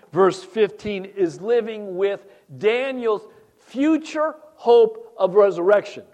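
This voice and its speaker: A man preaching with a high, lively voice. He reads scripture loudly, then drops low and quiet for asides. He keeps asking his listeners questions. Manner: animated preaching, rising loud on scripture and dropping low for asides; asks the congregation questions. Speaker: pastor. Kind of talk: sermon.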